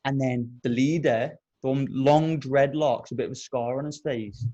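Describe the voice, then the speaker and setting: A man co-hosting a podcast, telling a long anecdote in casual chat, full of swearing and lively detail. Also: mid-range voice, unhurried, dull audio. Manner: animated, profane anecdote telling. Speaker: podcast co-host.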